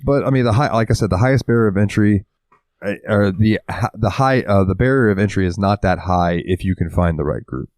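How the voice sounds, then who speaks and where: A man's voice: on the low side, brisk, darkish tone, no echo. A man co-hosting a casual podcast, rambling and swearing freely, acting out little quotes as he talks. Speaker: podcast co-host. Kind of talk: casual chat.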